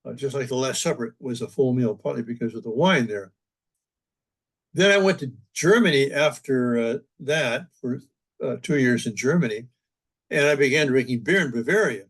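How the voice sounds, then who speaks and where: An older man, a priest, telling stories from his life as an interview guest. He speaks in a relaxed, humorous, reminiscing way at a middle pitch. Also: moderate pace, husky. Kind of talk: anecdotal storytelling in conversation.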